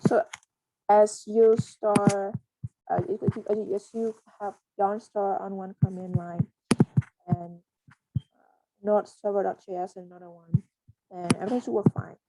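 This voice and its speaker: A woman presenting a casual software setup tutorial, talking in a halting, hesitant way with frequent pauses and restarts. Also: medium pitch, little pitch movement, noisy background. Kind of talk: casual screen-recorded coding walkthrough.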